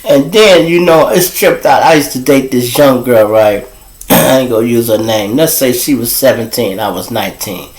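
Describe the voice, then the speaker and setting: A man telling casual, profane street stories as host, animated and swearing freely. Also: normal speed, reverberant, poor audio. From Chicago. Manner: animated, profane, jumps to high voices for quoted people. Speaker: storyteller host.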